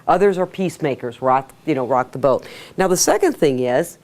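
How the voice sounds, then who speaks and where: Low-voiced woman leading a sales workshop. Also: fairly quick. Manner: energetic, asks the audience questions, acts out quotes. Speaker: sales trainer. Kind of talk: workshop lecture. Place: meeting room with a live audience.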